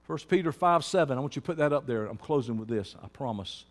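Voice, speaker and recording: A man preaching a sermon as pastor, moving from quiet talk to shouting. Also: medium pitch, lively intonation, fast talker, long reverb tail.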